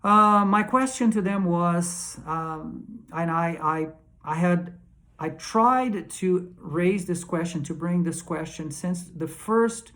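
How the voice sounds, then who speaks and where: A man's voice: high-pitched, takes it slowly, bright, forceful tone. A man earnestly recounting a conference panel in a casual spoken recap, emphatic and often restarting and repeating words.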